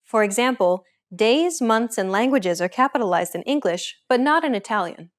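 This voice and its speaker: A woman hosting a language lesson, reading a script in a clear, even, instructive way. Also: on the high side, normal speed.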